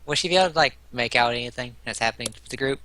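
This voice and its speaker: A man playing a tabletop game, excitable and quick to swear. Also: mid-range voice. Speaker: player.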